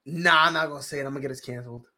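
A man co-hosting a podcast in casual chat, excitable, swinging from hushed mutters to loud outbursts. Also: mid-range voice, very fast. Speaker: podcast co-host.

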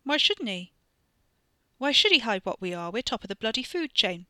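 A woman's voice: fairly high pitch, sing-song, normal speed, sharp tone, no echo, clean studio sound. A woman doing a sneering young bloke. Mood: menacing. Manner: cocky, sneering, swaggering. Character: brash young male shapeshifter, cousin, menacing.

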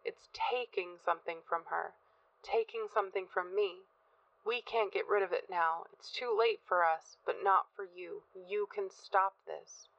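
A woman's voice: mid-range voice, a little slow, fairly bright tone, no room sound, distant mic. A woman playing a frantic, terrified husband. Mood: desperate. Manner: desperate, manic, urgent pleading. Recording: dull, dry, lo-fi sound.

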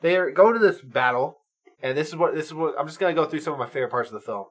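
A man co-hosting a podcast, chatting casually about movies, animated and swearing freely as he retells scenes. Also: fairly high pitch, racing. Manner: animated, swears freely, acts out quotes in silly voices. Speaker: podcast co-host. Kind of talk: casual movie review chat.

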